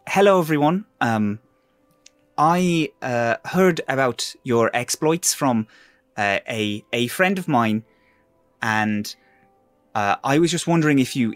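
A man voicing a timid, apologetic little male toad healer with a put-on Welsh accent, talking in halting, nervous bits. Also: mid-range voice, no room sound, close to an everyday voice.

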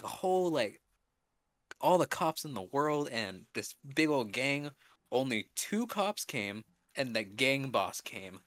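A young man co-hosting a podcast, telling a story in a rambling, halting way full of fillers. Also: mid-range voice, a bit bright, dry recording. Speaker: podcast co-host. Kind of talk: casual storytelling.

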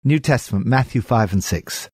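A man's voice: mid-range voice, animated, normal speed, a little mellow, husky, no room sound, clean studio sound. A man with an English accent giving earnest, pastoral devotional commentary on scripture.

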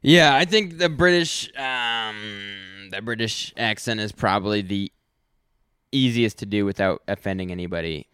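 A man's voice: fairly low pitch, normal speed, fairly bright tone, smooth, no room sound, clean studio sound. A young man co-hosting a podcast, telling stories in a laid-back, rambling casual chat. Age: young adult. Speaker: podcast co-host.

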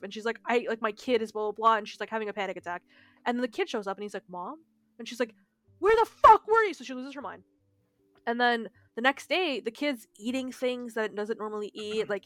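A woman co-hosting a podcast, telling a story in a casual, animated way and swearing freely. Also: medium pitch, no room sound. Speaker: podcast co-host. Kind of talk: casual chat.

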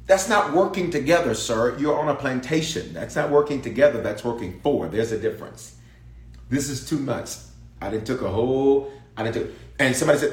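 A man's voice: mid-range voice, animated, normal speed. A man preaching a sermon, emphatic and repetitive, calling out to his congregation. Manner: emphatic, repeats phrases, calls out to the congregation. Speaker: pastor. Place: large church sanctuary. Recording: echoey church sanctuary.

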